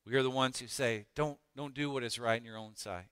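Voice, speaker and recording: A man preaching a sermon as pastor, emphatic, with dramatic pauses and rising emphasis. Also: mid-range voice, a bit bright, clean tone, no room sound, studio quality, big-room sound.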